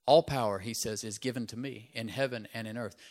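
A middle-aged man preaching in a conversational way, at an everyday middle pitch. He checks in with the congregation with "right?" and builds to loud, emphatic peaks on his main points. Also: steady tone, a little fast. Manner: conversational asides with repeated "right?". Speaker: pastor. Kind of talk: sermon.

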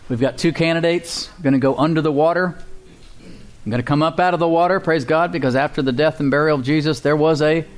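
A man's voice: on the high side, fast talker. A male pastor preaching a sermon and leading a prayer, with a preaching cadence and call-and-response with the congregation.

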